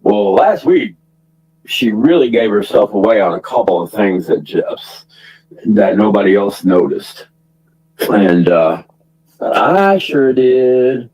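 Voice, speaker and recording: A man's voice: fairly low pitch, animated, takes it slowly, a little mellow, breathy edge, rough recording. A man ranting casually to his stream audience, rambling through restarts and profanity and laughing often. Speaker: livestream commentator.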